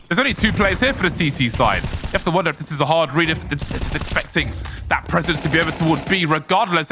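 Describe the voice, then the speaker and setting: A man commentating an esports match, mixing chatty analysis with livelier calls of the action. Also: fairly high pitch. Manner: conversational, rises to excited calls.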